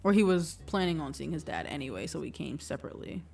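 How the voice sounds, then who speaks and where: A woman's voice: low voice, expressive, fast talker, vocal fry, darkish tone, slightly rough. A woman streamer in casual chat, laughing often and swearing casually. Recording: distant mic with faint music.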